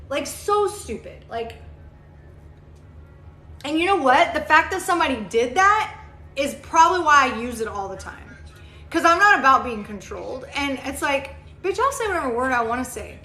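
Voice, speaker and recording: A woman's voice: high voice, bright, forceful tone. A woman hosting a casual livestream, chatting bluntly and profanely with viewers and rambling with lots of fillers. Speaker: livestream host. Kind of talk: casual live chat, answering viewer comments. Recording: echoey room, faint background noise.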